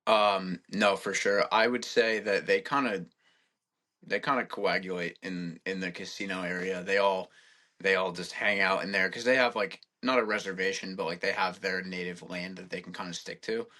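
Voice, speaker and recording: Deep-voiced young man, rambling. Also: fairly even intonation, moderate pace, pushed and bright. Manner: rambling, heavy filler words. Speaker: podcast guest. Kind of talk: casual chat.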